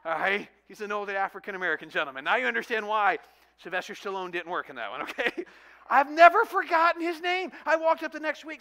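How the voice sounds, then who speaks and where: Pastor guy in his 40s, high bright voice, jokey sermon stories. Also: quick pace, creaky. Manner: animated storytelling, self-mocking humor.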